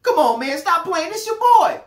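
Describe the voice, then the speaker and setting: A man's voice: extremely high pitch, sing-song, moderate pace, voice pushed up. A man voicing an overeager adult male cousin who wheedles for money in street talk. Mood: wheedling. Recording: roomy echo.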